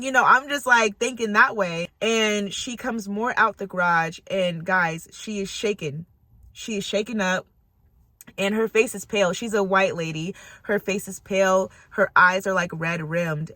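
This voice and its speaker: A young woman with a bright, forceful voice tells a story from her own life, animated and laughing often, acting out how she reacted. The sound is dry and close, with no room echo. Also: medium pitch, normal speed. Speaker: storytime vlogger. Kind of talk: casual storytelling.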